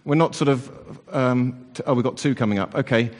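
A man's voice: mid-range voice, normal speed. A man leading an all-age church service, chatty and playful with the children, with lots of fillers and restarts. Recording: long church reverb.

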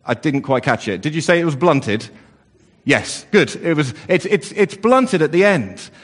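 A man's voice: on the high side, very animated, unhurried. A man leading an all-age church service, chatty and playful with the children, with lots of fillers and restarts. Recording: long church reverb.

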